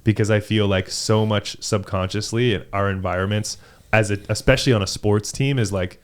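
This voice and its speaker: A man's voice: on the low side, steady tone, a little fast. A man, a volleyball player and podcast co-host, talking earnestly and with energy, saying "dude" and "bro". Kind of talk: casual chat.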